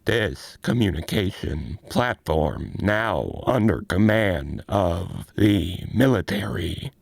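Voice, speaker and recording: A man voicing a deep, gravelly military announcement system in a slow, dark monotone. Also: dry recording, exaggerated voice. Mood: commanding.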